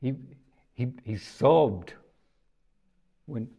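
A man's voice: medium pitch, expressive, extremely slow, creaky, dark tone, husky. A man preaching a sermon in a conversational, thoughtful way, often restarting his sentences.

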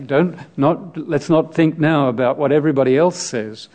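A man's voice: on the high side, moderate pace, a little mellow. A man preaching a sermon on scripture, reflective and explaining the text, asking his listeners direct questions.

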